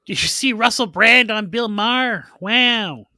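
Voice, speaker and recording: Man doing a whiny, demanding friend, raised pitch, bright and pushy. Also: measured pace, no room sound, clean studio sound, full character voice. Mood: impatient. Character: impatient middle-aged man nagging for a link.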